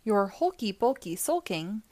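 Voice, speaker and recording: A woman's voice: medium pitch, very animated, a little slow, darkish tone, no room sound. A woman voicing a blunt male octopus in a children's storybook, speaking frankly in a read-aloud manner.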